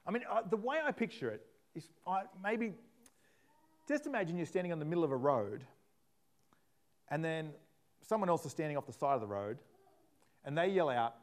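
A man preaching a sermon, animated, acting out scripture in different voices. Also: fairly high pitch, moderate pace, long pauses.

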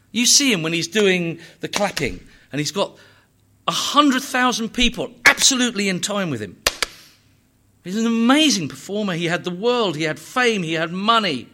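A man preaching a sermon, emphatic and full of rhetorical questions and repetition, swinging between hushed and loud delivery. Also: high voice.

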